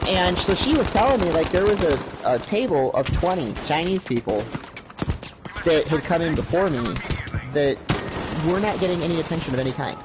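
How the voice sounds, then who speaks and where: Animated man telling a story over gunfire. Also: a little high, normal speed. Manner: animated storyteller, acts out quoted voices. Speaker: livestream co-host. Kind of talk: casual storytelling chat. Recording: noisy gameplay audio behind. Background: gunfire from a video game.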